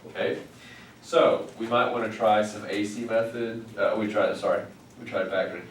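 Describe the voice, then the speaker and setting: A man with a lowish voice tutors math, wry and matter-of-fact. He sounds set back from the mic in a roomy classroom. A faint hiss sits under him. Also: steady tone, moderate pace. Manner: wry, dry humor while working problems. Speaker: math teacher. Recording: roomy, distant mic, some noise.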